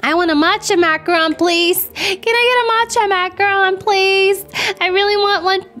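Very high-pitched bubbly woman gamer. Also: normal speed. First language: not English. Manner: bubbly, excitable, frequent gasps. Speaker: gaming channel host. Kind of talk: casual gameplay commentary.

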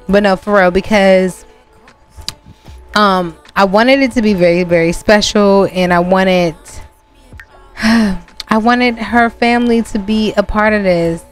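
A woman hosting a gaming channel, narrating her gameplay casually to viewers with sudden high exclamations. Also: steady tone, slow, soft background music.

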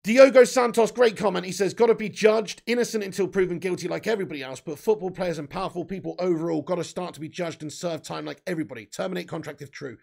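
An English man talks loosely to his live-stream viewers, reading their comments aloud and dropping in the odd swear word. His voice sits fairly high and carries a strong gravelly rasp throughout. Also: quick pace, few pauses, darkish tone. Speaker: livestream host reading chat. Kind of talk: casual live chat.

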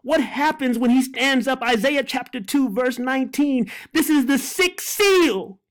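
A Bible teacher in fervent, excited teaching, repeating phrases, praying aloud, and breaking off mid-sentence with laughter. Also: sits high, unhurried.

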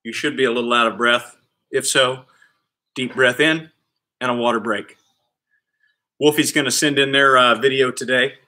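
A man's voice: mid-range voice, normal speed, pauses often. A man leading a live online kids' PE class, cheering kids on and counting reps with playful energy. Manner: shouts with excitement during exercises. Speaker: kids PE coach.

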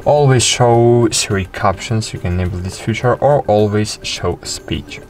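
Low-voiced man narrating a tutorial. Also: darkish tone, slight background noise. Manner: halting, with many fillers and restarts. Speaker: tutorial host. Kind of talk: screen-recorded how-to narration.

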